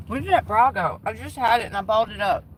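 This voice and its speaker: Inside a car, a woman vlogs a casual rant, blunt and exasperated with plenty of swearing. Her voice is fairly high and quick, and the background is noisy.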